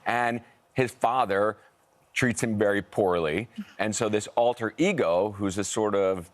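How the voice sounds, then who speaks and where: A man's voice: fairly low pitch, unhurried. A middle-aged American man, an actor, chatting as a guest on a TV show and telling a long story with restarts and acted quotes. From United States. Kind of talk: casual TV interview chat. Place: TV studio.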